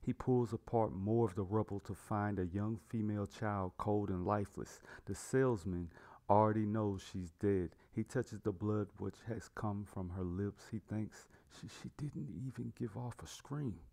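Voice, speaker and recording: Low voiced guy reading a fantasy story out loud, plain even narration. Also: a little slow.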